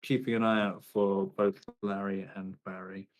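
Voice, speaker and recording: A man playing a tabletop game, relaxed as he describes his character's actions. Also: deep voice, moderate pace. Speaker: player. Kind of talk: casual tabletop play.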